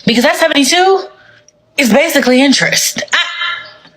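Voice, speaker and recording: A woman's voice: high-pitched, expressive, moderate pace, fairly bright tone, a little hiss or hum, rough recording. A woman speaking bluntly and defiantly to camera, emphatic and repetitive. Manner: blunt, emphatic, repeats herself.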